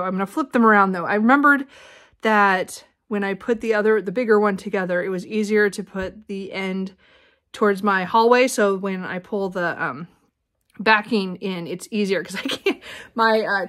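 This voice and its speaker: A woman talks her way through a home vlog in a relaxed, rambling manner, full of ums and restarts. Her voice sits at an ordinary middle pitch. She records on a handheld camera as she moves around her house and sometimes sounds winded. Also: normal speed. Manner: chatty, rambling, frequent fillers. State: out of breath. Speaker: vlogger. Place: home bedroom closet.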